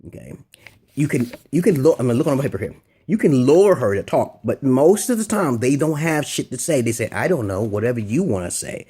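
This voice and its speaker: A man's voice: mid-range voice, very animated, brisk, mellow, breathy edge. A man vlogging crude dating advice in a rambling, unscripted monologue, bluntly checking in with "okay?".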